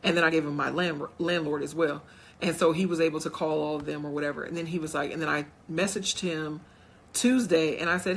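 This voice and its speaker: A vlogger chats straight to her viewers at home in a casual storytime vlog, telling a personal story and acting out what others said in quotes. Her voice is deep and steady in tone, a little fast, with slight background noise.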